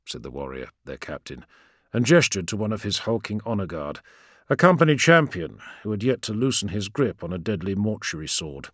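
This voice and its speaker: A man narrating an action novel in a measured, dramatic way. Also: lowish voice, very animated, a bit bright, no echo, clean studio sound. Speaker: audiobook narrator. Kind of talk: scripted narration.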